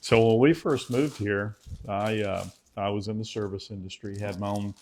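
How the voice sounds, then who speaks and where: A man's voice: on the low side, fairly even intonation, moderate pace, noisy background. A middle-aged man with a slight Southern accent, chatting casually and reading viewer comments aloud on a cooking channel livestream. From United States. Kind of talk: casual live-stream chat.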